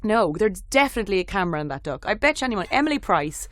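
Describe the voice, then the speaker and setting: A woman guest on a radio comedy show, chatting and joking quickly and laughing often, recorded on a studio mic. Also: mid-range voice, big pitch swings, a bit bright, dry recording. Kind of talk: casual radio banter.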